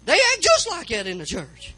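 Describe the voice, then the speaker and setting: A man's voice: very high voice, huge pitch swings, normal speed, bright, forceful tone, poor audio. A man preaching a sermon as pastor, fervent, repeating phrases and calling out to the church for amens.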